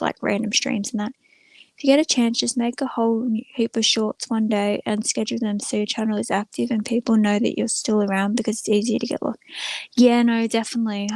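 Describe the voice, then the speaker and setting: A woman hangs out on a casual live stream from a room at home, talking loosely to her viewers. She rambles from thought to thought with plenty of fillers. Her voice sits at an everyday middle pitch and sounds dry, with no room echo. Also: a little mellow. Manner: rambling, many filler words, chatting to viewers. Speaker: small channel live streamer. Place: room at home with the door closed.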